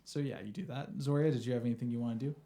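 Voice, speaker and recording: A man narrating a tabletop game as game master, relaxed and hesitant with many fillers. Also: medium pitch, very fast, slight background noise.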